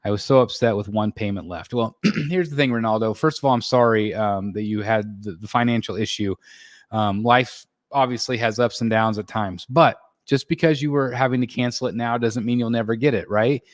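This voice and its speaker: A man from the United States hosting a casual live stream, reading out chat and chatting in a relaxed way full of fillers and restarts. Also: lowish voice, brisk, no room sound, studio quality. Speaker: livestream host reading chat. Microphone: desk microphone.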